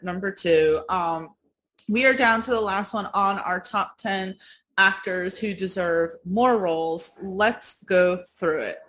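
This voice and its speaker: A woman's voice: medium pitch, a bit bright. A woman co-hosting a podcast in casual chat, rambling through stories, laughing often and swearing casually. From United States. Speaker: podcast co-host.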